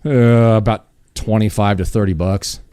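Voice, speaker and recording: An American man with a low, mellow voice hosts a laid-back podcast chat. He sounds eager and talkative, and his voice is recorded close and dry with no room sound. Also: fairly even intonation, clear, resonant tone, dry recording. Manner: eager and chatty, quick reactions. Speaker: podcast host. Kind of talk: casual interview chat.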